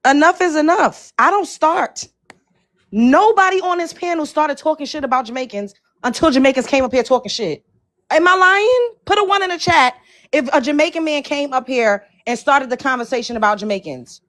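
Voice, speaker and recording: A woman's voice: high-pitched, animated, moderate pace, fairly bright tone. A woman on a livestream panel, talking in a combative, profane, emphatic way. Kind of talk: heated livestream panel talk.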